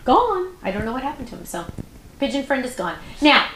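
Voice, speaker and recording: Woman, craft show host, casual rambling chat, fairly high voice, echoey room. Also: expressive, fast, fairly bright tone, slight background noise. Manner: chatty, rambling storyteller with many fillers.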